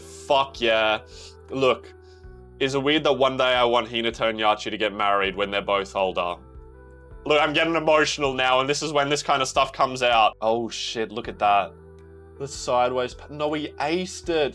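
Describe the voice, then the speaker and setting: A young man reacting to a manga, reading panels aloud in a casual, excitable way, swearing freely and bursting into shouts. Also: medium pitch, normal speed, faint music behind. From Australia.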